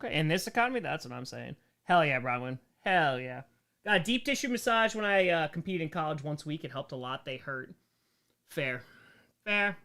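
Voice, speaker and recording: A man's voice: on the high side, expressive, fairly quick, creaky, bright, forceful tone. A young man hosting a casual livestream Q&A, reading comments aloud with sarcastic jokes and frequent laughs. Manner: joking, sarcastic, laughs often. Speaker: streamer hosting a members Q&A.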